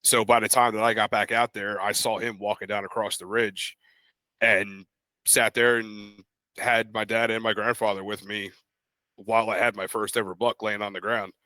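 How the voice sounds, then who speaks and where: A man's voice: fairly low pitch, normal speed, no echo. A young man co-hosting a podcast, casually telling a story and acting out the voices of the people in it. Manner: animated, acts out quoted voices in his stories. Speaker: podcast co-host.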